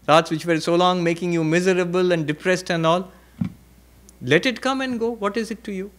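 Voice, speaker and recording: Monk lecturer, moderately high male voice, reflective, emphatic pauses and repetition. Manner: reflective teaching with repetition and rhetorical questions; varies pitch and pace for emphasis. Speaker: monk and spiritual teacher. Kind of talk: spiritual lecture at a retreat.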